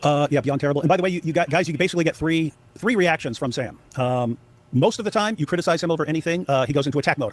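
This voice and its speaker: A man's voice: on the high side, very fast. A man giving casual video commentary, emphatic and often repeating himself. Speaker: online commentator.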